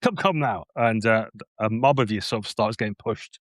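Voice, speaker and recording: A man runs a tabletop game as game master, narrating scenes in a playful, descriptive way and often restarting his phrases. His voice sits a little low, and the recording sounds dry and close. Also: normal speed, no echo.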